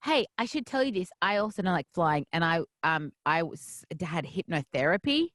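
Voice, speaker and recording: A woman's voice: fairly low pitch, moderate pace, no room sound. Bubbly woman radio host. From Australia. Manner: bubbly, teasing, animated. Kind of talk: playful casual interview. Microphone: headphones and studio mic.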